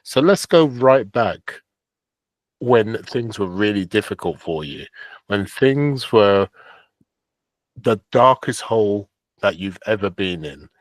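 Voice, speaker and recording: A very deep-voiced podcast host opens the interview gently and invites the guest to tell their story. The host encourages the guest with soft murmurs. The sound is dry and close. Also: animated, slow pace, pauses often, no room sound.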